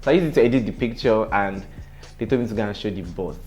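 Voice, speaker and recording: A young man with a Nigerian accent, telling a story on his vlog in an animated, dramatic way. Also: on the low side, fast, dull audio, soft background music. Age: young adult. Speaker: vlogger.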